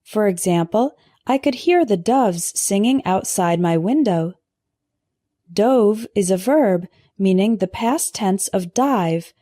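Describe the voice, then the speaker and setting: A woman teaching English vocabulary in a scripted lesson, pronouncing word pairs slowly and carefully for learners to repeat. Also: mid-range voice, animated, warm tone, dry recording, clean studio sound. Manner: slow, careful pronunciation drills.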